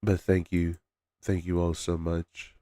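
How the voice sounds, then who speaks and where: Deep, dark-toned male streamer, dry sound. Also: level tone, slow pace, no echo. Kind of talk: casual live-stream chat.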